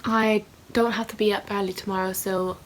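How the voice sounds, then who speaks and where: A woman's voice: mid-range voice, flat delivery, moderate pace, a little hiss or hum. A young woman in her twenties, talking candidly and rambling in a casual vlog, with many fillers. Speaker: writer vlogger.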